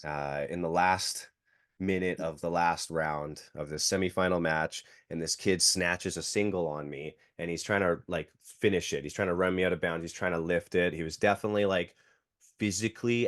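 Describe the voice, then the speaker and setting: Guy in his thirties, low voice, chatty storyteller who leans on "like" and acts out quotes. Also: steady tone, normal speed, a bit bright, dry recording, clean studio sound. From Canada. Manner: filler-heavy, acts out quotes. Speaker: podcast guest, jiu-jitsu coach. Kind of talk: casual storytelling.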